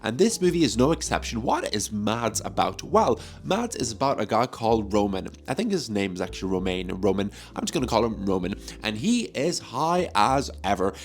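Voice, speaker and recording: A man's voice: lowish voice, sing-song, moderate pace, few pauses. A man chatting casually in a movie vlog, joking and swearing freely, recorded on a phone mic. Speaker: movie review vlogger.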